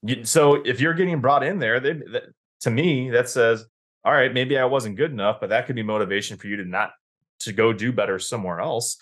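A man co-hosting a hockey podcast in casual chat, animated and swearing freely as he argues his point. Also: mid-range voice, brisk. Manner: animated, swears when worked up. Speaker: podcast co-host.

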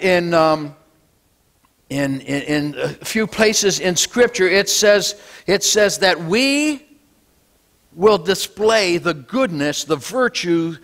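A male pastor preaching a Sunday sermon, swinging between loud declarations and low, quiet lines. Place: church sanctuary.

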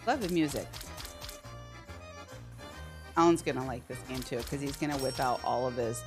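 A woman's voice: extremely low pitch, fast talker. A woman hosting a casual live slot stream from home, playfully chatting and greeting viewers by name. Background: faint slot game music.

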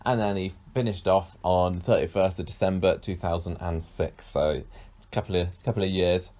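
Deep-voiced jokey male podcast host. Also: fairly even intonation, moderate pace, a little mellow. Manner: jokey, self-mocking, tries silly accents. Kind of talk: casual podcast chat.

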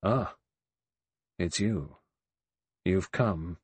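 A man over sixty voicing a quiet, grave old male general who speaks gently and slowly. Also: sits low, breathy edge, dry recording, exaggerated voice. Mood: gentle. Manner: gentle, slow, musing.

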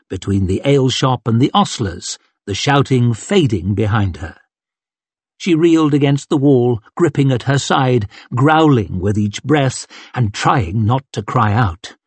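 Guy reading a fantasy audiobook, husky voice, dry close sound, steady dramatic telling. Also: mid-range voice, no echo. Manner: measured, dramatic storytelling. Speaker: audiobook narrator. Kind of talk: scripted narration.

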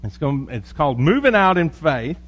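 A man's voice: on the high side, sing-song, a little fast, a bit bright, dull audio. A man preaching a sermon as pastor, reading scripture and praying, with a folksy, joking storytelling manner.

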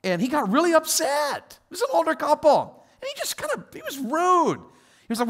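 A man preaching a sermon as a guest pastor, telling stories with quoted voices and moving from quiet asides to loud exhortation. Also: very high voice, huge pitch swings, moderate pace.

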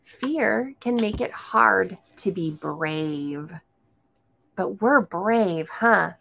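A woman's voice: medium pitch, lively intonation, very slow, vocal fry, a bit bright. A woman reading a picture book aloud to a young child, coaxing him with questions and breaking into gasps and exclamations. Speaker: storytime host.

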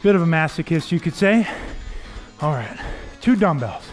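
A man on the high side, with lively intonation and a moderate pace, coaches a workout over faint background music. He counts reps and cues form in an upbeat, encouraging manner.

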